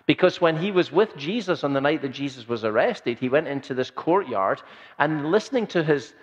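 A man's voice: on the high side, lively intonation, normal speed. A man preaching a sermon in an earnest, conversational way, often repeating phrases for emphasis. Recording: dull sound with long hall reverb.

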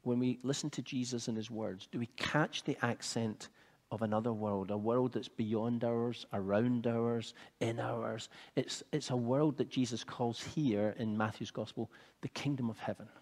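A man preaching a sermon, measured and earnest, building to fervent emphasis. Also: medium pitch, steady tone, a little mellow, in a large hall.

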